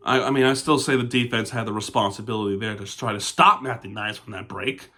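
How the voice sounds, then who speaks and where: His voice is lowish, bright, and forceful, fairly even in intonation, a little fast with few pauses. This devoted fan recaps a hockey game, calling the team "we" and "our," discussing plays casually and cursing angrily at the referees.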